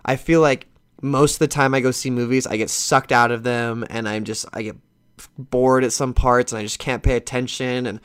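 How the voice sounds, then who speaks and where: A man's voice: medium pitch, moderate pace, smooth. A man hosting a podcast, telling a long casual story that rambles, restarts and swears a little, and livening up as he retells conversations. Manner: lively when retelling conversations. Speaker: podcast host.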